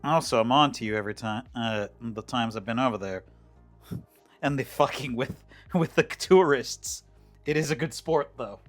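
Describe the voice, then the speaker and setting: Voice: medium pitch, moderate pace. A cooking streamer chatting casually while making a dish, rambling with many fillers and restarts. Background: faint background music.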